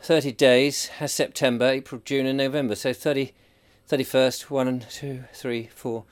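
In his home kitchen by the stove, a middle-aged English podcast host potters while recording a casual audio diary. He's rambling, chatty and amused with himself, speaking at a moderate pace in a clean, medium-pitched voice that moves little in pitch.

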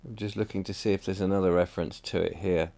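A man's voice: sits low, fairly even intonation, fast talker, gravelly, dark tone. A middle-aged man from England talking in a casual, reflective vlog monologue, wistful and rambling, often trailing off mid-sentence. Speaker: vlogger.

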